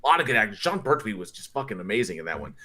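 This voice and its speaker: A man's voice: on the low side, sing-song, racing, pushed and bright. A man co-hosting a horror podcast, reading viewer comments from a live chat and laughing often in casual, profane banter.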